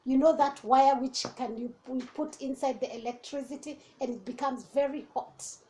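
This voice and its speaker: A woman teacher reading a children's storybook aloud, expressive and animated, with asides to young listeners. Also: high-pitched, normal speed.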